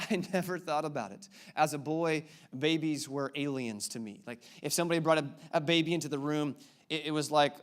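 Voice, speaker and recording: A man's voice: on the high side, moderate pace, clear, resonant tone. Playful pastor man preaching a sermon. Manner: playful, quizzes the audience with repeated questions. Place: church auditorium before a congregation.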